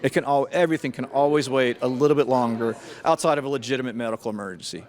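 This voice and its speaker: Speaking in a mid-range, slightly mellow voice, a middle-aged man who works as an FBI agent responds to interview questions on scams, careful and reflective, with frequent restarts.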